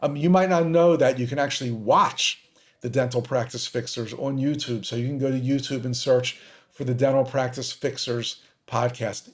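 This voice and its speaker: A man hosting a podcast, commenting on recorded calls with sarcastic, exasperated asides. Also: medium pitch. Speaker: podcast host.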